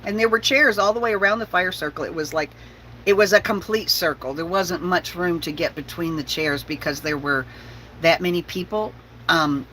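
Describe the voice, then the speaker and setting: A woman vlogger in a casual storytelling chat, animated and laughing as she goes. Her voice is bright and forward, and a faint hiss sits under it. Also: fairly low pitch, moderate pace, low-quality recording. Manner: animated, laughs often, talks to her dog. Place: her bus home.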